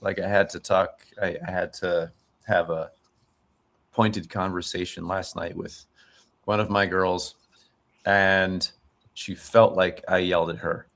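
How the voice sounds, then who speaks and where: Low-voiced dad musing on a podcast. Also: male voice, flat delivery, measured pace, pauses often, fairly bright tone. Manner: rambling, many fillers and restarts, reflective. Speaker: podcast host. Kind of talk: casual chat.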